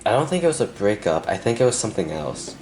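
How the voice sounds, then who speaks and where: A young man doing a pick-a-card tarot reading, talking softly and earnestly to the viewer with pauses, and emotional at times. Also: on the low side, sing-song, a little hiss or hum. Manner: soft, earnest, speaks directly to the viewer with pauses. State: emotional, close to tears. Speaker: tarot reader.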